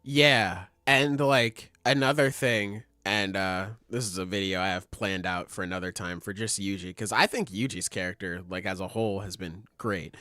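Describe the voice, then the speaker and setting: A man's voice: low voice, moderate pace, hardly any pauses, dry recording. Young guy on a podcast, fillers everywhere, dry close sound, keeps doing little voices for characters. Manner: animated, acts out quotes in voices, says like a lot. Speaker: podcast co-host. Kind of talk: casual chat.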